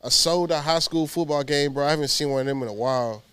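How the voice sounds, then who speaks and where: A man's voice: fairly high pitch, fast talker, crowd noise. A man co-hosting a casual sports chat, sounding stuffy from a cold and saying "bro" a lot. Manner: laid-back, says "bro" often. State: stuffy, under the weather. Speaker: co-host.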